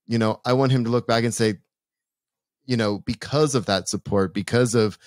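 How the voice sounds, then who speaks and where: A man co-hosting a podcast, talking earnestly in a halting way with many restarts. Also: mid-range voice, dry recording, clean studio sound. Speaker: podcast co-host. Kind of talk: casual podcast chat.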